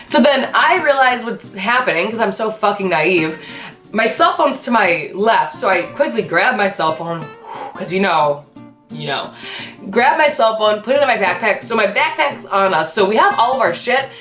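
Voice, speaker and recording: A woman hosting her vlog, telling a story in a casual, animated and profane way. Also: medium pitch, moderate pace. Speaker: host. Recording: echoey room with faint guitar music.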